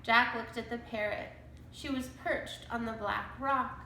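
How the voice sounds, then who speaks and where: A woman reading a children's chapter book aloud in a slow, deliberate storytelling manner. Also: fairly high pitch, fairly even intonation, sharp tone, reverberant, slight background noise, low-quality recording. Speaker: storybook reader.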